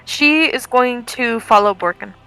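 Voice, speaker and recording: High bright voiced woman playing tabletop, kinda impatient. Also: unhurried, clear, resonant tone, faint music behind, poor audio. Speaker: player. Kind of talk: casual tabletop play.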